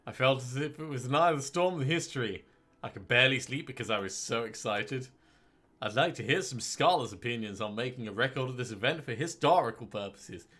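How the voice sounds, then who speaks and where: A man reading as an excitable scholar in a put-on accent. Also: mid-range voice. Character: excitable scholar eager to record a king's crowning.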